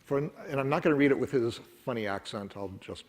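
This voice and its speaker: A man's voice: medium pitch, animated, brisk. A middle-aged man giving a wry, conversational technical talk at a conference, full of ums and uhs. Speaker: conference speaker. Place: conference room.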